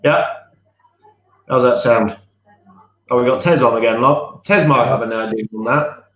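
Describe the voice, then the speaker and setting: A man of middle pitch chats loosely and rambles from one thought to the next, chuckling at his own stories. The sound is roomy and echoey, as if he sits in a bare room at home. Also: normal speed, a bit bright. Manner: chatty, rambling, laughs at himself. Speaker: podcast co-host. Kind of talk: casual live-stream chat.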